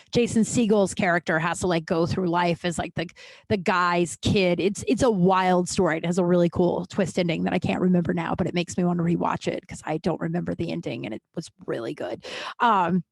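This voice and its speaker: A woman's voice: lowish voice, brisk, vocal fry, no echo. Chatty, profane woman telling stories. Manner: chatty, profane, full of fillers and animated quoted voices. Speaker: podcast host. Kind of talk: casual storytelling.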